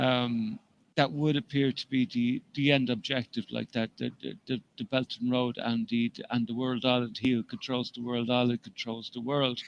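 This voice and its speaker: A man in casual live chat, talking hesitantly with many restarts and hedges about what he thinks. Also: mid-range voice.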